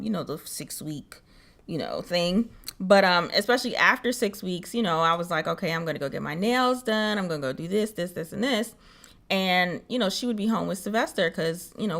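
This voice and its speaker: Animated woman podcast co-host. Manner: animated, swoops high when mocking others. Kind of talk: casual podcast chat.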